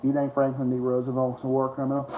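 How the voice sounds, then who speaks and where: Male streamer host, sarcastic and foul-mouthed rant, mid-pitched voice, echoey room. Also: completely flat delivery, brisk, dull audio. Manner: profane, sarcastic ranting. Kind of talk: ranting live-stream chat. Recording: roomy echo.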